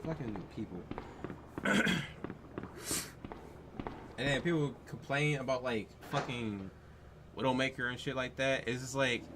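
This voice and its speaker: A man's voice: medium pitch, heavy background noise. A man ranting over gameplay as a let's play host, exasperated and profane, firing off rhetorical questions.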